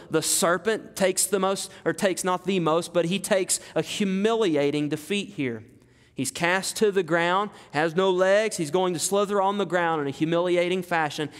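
A man preaching an expository sermon, emphatic, repeating phrases and asking the congregation rhetorical questions. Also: sits high. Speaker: pastor. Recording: long reverb of a hall.

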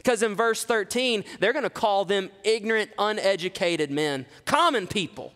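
Male pastor, high voice, expository sermon with dramatic readings, long hall reverb. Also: lively intonation, normal speed, few pauses. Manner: preaching with dramatic scripture reading, rising loud on quotes, dropping low for asides.

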